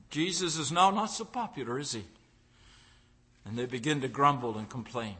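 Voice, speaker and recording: A man's voice: mid-range voice, expressive, normal speed, pauses often, sharp tone. A man preaching a sermon, driving his points home through repeated phrases and acting out the voices of the crowd. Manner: acts out crowd voices in quotes.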